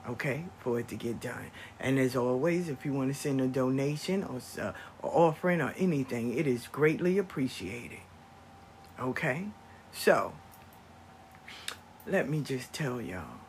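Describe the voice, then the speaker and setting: An older grandparent telling a family story to viewers in an animated, conversational vlog monologue. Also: medium pitch, a little hiss or hum. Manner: animated, acts out family members' voices. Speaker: vlogger.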